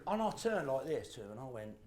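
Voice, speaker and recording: Animated man, lively pitch. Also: fast talker, slight background noise. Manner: animated storytelling with acted-out voices and shouts. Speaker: motivational speaker. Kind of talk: live motivational talk to an audience.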